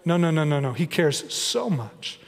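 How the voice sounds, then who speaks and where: A male pastor delivers a conversational sermon, his voice sitting a little high for a man. He keeps dropping into animated, playful impressions as he preaches. The sound carries a long reverb from a large church hall. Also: normal speed. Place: church sanctuary.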